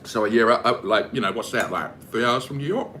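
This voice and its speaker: Kiwi guy rambling on while cooking, bright forceful voice, loads of likes and you knows. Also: medium pitch, fairly quick, slight background noise. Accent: New Zealand. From New Zealand. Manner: chatty, rambling, lots of fillers. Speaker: vlogger. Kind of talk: casual chat while cooking.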